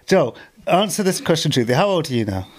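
A man's voice: fairly high pitch, sing-song, fast talker. A man hosting a documentary podcast, narrating and questioning his guest in a dry, probing way. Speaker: host and narrator.

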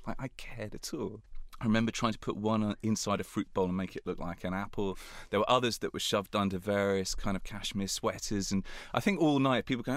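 A man as an interview guest, telling a story in an animated, self-mocking way and laughing as he goes. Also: on the low side, brisk, hardly any pauses, no room sound. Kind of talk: anecdotal storytelling.

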